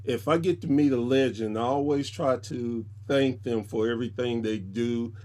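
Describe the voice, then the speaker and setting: A man's voice: mid-range voice, normal speed, a little mellow. A man, a podcast guest, telling stories casually and animatedly, jumping into other people's voices when he quotes them. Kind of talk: casual storytelling.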